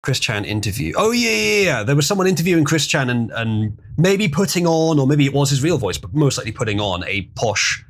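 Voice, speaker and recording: A man's voice: medium pitch, very animated, a little fast, hardly any pauses. A man hosting a casual livestream, chatting loosely with chuckles as he reads out viewer donations. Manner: rambling, chuckling, reading out donations. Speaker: livestream host.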